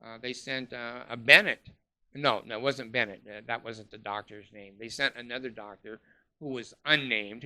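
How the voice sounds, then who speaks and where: A man's voice: mid-range voice, fairly even intonation, normal speed, sharp tone. A man delivering a scornful, profane ranting monologue, full of uh fillers. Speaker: commentator.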